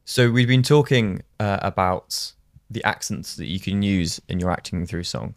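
A man's voice: low voice, moderate pace, creaky. A young man hosting a casual podcast interview, speaking thoughtfully with hesitant fillers. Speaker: podcast host.

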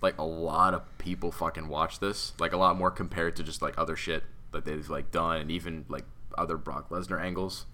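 Male co-host, very low voice with a bright edge, profane and excitable, faint background hiss. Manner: profane, excitable, quick to laugh. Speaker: podcast co-host. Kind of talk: casual wrestling chat.

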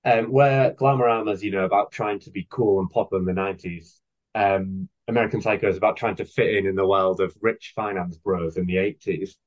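A man in his thirties, appearing as a guest author, chats casually on a podcast with a low voice and steady tone, talking briskly. He's enthusiastic and rambling, packing in lots of fillers, and the podcast audio is dull and lo-fi.

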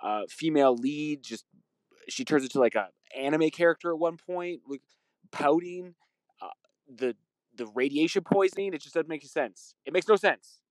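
A man leaving a rambling, indignant voicemail, halting and restarting as he complains. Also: on the high side, dry recording. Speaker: voicemail caller. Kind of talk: ranting voicemail.

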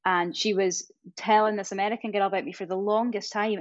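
A young woman from Scotland's east coast rolls her R's as she chats animatedly on a podcast. She laughs quickly between her stories. Her audio is slightly dull and muffled. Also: mid-range voice, fairly even intonation. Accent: east coast Scottish, rolled R's. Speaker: podcast co-host. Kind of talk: casual podcast chat.

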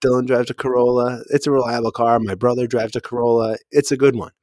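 A man's voice: medium pitch, little pitch movement, fast talker, darkish tone, no room sound, studio quality. A man co-hosting a podcast, telling a rambling story in casual chat, laughing and restarting often. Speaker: podcast co-host.

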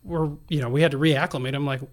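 A man who works as an emergency nurse, telling stories from the hospital in a casual, animated podcast conversation. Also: on the high side, quick pace. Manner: animated storyteller, acts out quoted voices. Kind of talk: casual storytelling in a podcast interview.

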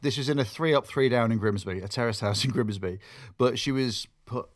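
Young guy rambling on a podcast, mid pitch, lots of restarts. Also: brisk. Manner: rambling storytelling with restarts and laughs. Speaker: podcast co-host. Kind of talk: casual podcast chat.

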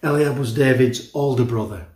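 A man's voice: mid-range voice, normal speed, a little mellow, reverberant. A man in his sixties preaching a sermon as a pastor, emphatic and chatty, often repeating words and restarting his sentences. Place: church.

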